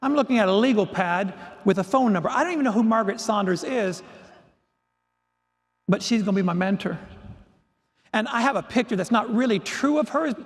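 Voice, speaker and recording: A man with a notably high voice delivers a keynote story in a lively, self-mocking way. His words carry the long reverb of a large hall. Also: a little fast, long pauses. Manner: animated, self-deprecating humor. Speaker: keynote speaker.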